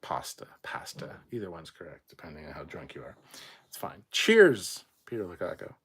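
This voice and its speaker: A man's voice: low-pitched, wildly swooping pitch, a little fast, fairly bright tone, husky. A man from Canada reading out viewer comments in a casual live chat, blunt and rambling, swearing freely.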